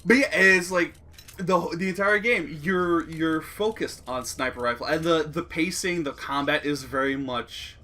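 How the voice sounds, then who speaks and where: Bright-voiced laid-back let's play co-host. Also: male voice, fairly high pitch, measured pace. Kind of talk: casual gameplay commentary.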